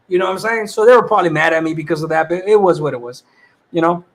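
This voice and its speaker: Livestream host, high-pitched man, casual slang-heavy chat with viewers. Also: rapid-fire. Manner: streetwise slang, loose and laughing.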